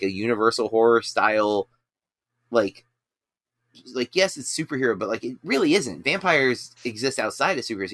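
Male podcast co-host, mid-pitched, rambling casual delivery, dry booth sound. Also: fairly bright tone, dry recording. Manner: rambling, many fillers and restarts.

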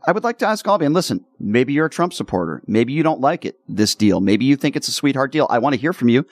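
A man's voice: medium pitch, very animated, quick pace, no echo. Emphatic male talk radio host. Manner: emphatic, argumentative, punchy.

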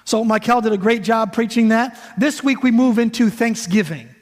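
A high-pitched man in his thirties preaches to a congregation in a casual, joking manner. His voice rings with a long reverb through a church sanctuary. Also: normal speed. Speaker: guest pastor. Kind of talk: sermon.

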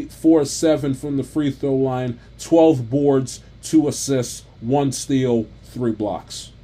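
A man's voice: medium pitch, warm tone. A man ranting off the cuff about a basketball game, exasperated and stumbling over restarts and repeats. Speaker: sports commentator. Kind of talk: unscripted basketball rant.

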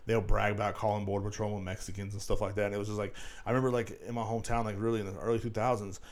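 A man's voice: on the low side, steady tone, racing, few pauses. A man hosting a solo podcast, rambling casually with lots of swearing and filler phrases. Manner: rambling and profane, full of "you know what I'm saying". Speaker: podcast host.

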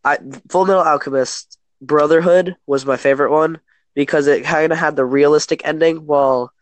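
A man's voice: a little high, steady tone, moderate pace, no room sound. A man from Kentucky with an American accent, chatting casually and rambling, often restarting his sentences. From Kentucky, USA. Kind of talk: casual chat.

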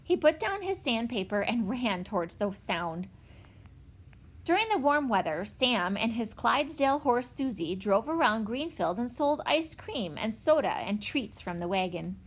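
A woman reading a children's chapter book aloud in an expressive, animated way. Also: on the high side, a little slow. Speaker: narrator. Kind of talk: storybook read-aloud.

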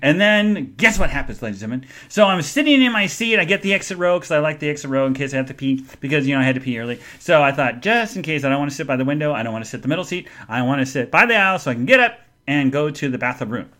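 A man hosting a live podcast, telling a story in an animated way, speaking straight to his listeners and answering chat comments. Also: a little high, very fast, hardly any pauses. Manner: animated, addresses the audience directly. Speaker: podcast host.

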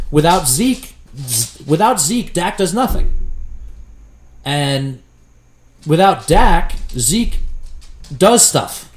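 A man's voice: a little high, slight background noise. Profane ranting man in an echoey room. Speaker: podcast co-host. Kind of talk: casual sports chat.

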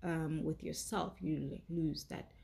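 A young woman reviewing a TV show in casual chat, chatty and effusive, with many "like"s and a gravelly voice. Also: low-pitched, steady tone, a little slow, warm tone.

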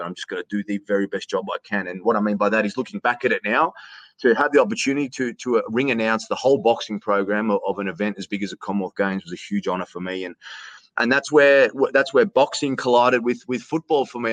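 An Australian man in his thirties with a slightly low voice, recorded very dry and close. He tells long stories in a relaxed, chatty way, stumbling over restarts and dropping in "mate". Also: dry recording. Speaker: ring announcer and presenter. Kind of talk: casual interview storytelling.

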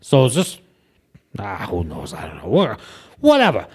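A man's voice: on the low side, huge pitch swings, moderate pace, darkish tone, slightly rough. A man hosting a comedy podcast as a bumbling wrestler, rambling and stammering over his words. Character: boastful bumbling male wrestler host. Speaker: podcast host. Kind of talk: comedic in-character podcast chat.

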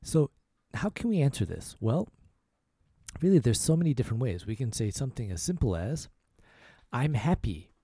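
A man hosting a casual spoken language lesson, saying each phrase slowly and repeating it several times. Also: mid-range voice, very animated, warm tone, breathy edge, no echo, clean studio sound. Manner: slow, repeated demonstration of phrases. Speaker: language teacher, podcast host.

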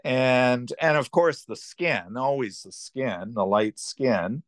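Slow and medium-pitched, this older podcast host wanders through his travel memories, restarting sentences and drifting into asides. The sound is studio quality, with no room sound at all.

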